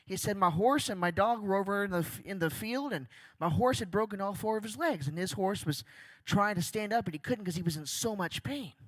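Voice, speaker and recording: A bright, crisp-voiced old farmer recounts what happened, plain and matter-of-fact, acted by a young man. The sound is close and dry, with no room around it. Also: high voice, animated, fairly quick, no echo. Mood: earnest. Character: plainspoken old male farmer telling his story.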